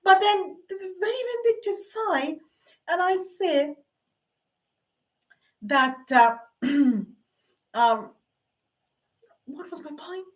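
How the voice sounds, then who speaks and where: A middle-aged woman with a high, light voice rambles through personal memories to her camera. She wanders between thoughts, mocks herself and fills the gaps with "um" and "you know". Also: slow, long pauses. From Canada. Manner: meandering, self-mocking, with frequent fillers and laughs. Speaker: vlogger.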